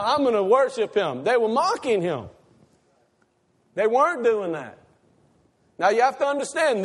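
A man preaching a sermon, emphatic, asking the congregation questions and repeating key lines slowly for weight. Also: very high voice.

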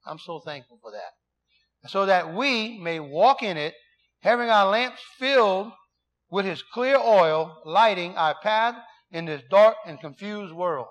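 A middle-aged man preaching a sermon in a folksy, emphatic way, reading scripture slowly and telling stories full of quoted dialogue. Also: sits high, lively intonation.

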